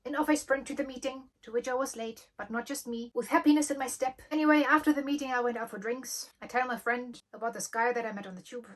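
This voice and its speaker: Young woman vlogger, slightly high voice, lively storyteller. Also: quick pace, hardly any pauses. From Germany. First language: German. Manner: lively storytelling, acting out quoted dialogue. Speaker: channel host. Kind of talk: storytime vlog.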